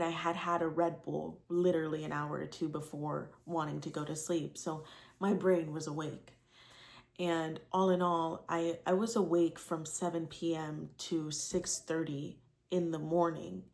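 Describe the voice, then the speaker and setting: A woman's voice: lowish voice, vocal fry, darkish tone. A woman in her twenties frankly telling a rambling personal story to camera, with many fillers and casual swearing. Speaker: vlogger.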